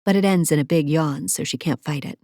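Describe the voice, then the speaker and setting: A woman's voice: low-pitched, fairly quick, warm tone, no echo, studio quality. A woman narrating a first-person romance novel with sassy, playful asides. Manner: sassy, playful asides, breathy whispers in intimate moments. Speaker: audiobook narrator. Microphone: close studio mic.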